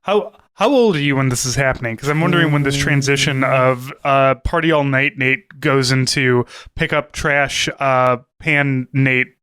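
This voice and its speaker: A man's voice: mid-range voice, moderate pace, few pauses, a bit bright, clean tone, no room sound. A middle-aged man co-hosting a podcast, chatting casually and cracking dry teasing jokes. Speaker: podcast co-host. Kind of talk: casual chat.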